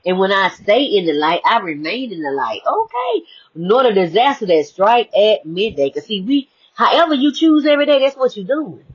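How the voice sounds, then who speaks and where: A woman giving a lively spiritual motivational talk, swinging between hushed, reflective stretches and bright exclamations. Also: mid-range voice, a little fast, hardly any pauses, husky. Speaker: inspirational speaker. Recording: muffled lo-fi audio.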